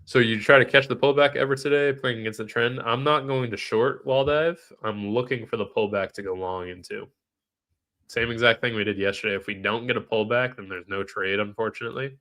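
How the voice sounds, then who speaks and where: A man's voice: medium pitch, fairly quick, fairly bright tone. A man with a nasal, stuffed-up voice, live-streaming trading commentary in a casual way, thinking aloud and answering chat questions.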